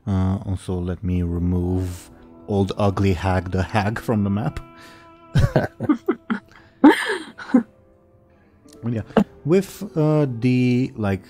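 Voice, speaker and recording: Game master, male, deep mellow voice, hesitant rambling narration, hiccups, faint music behind. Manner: rambling, halting, many fillers. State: has the hiccups.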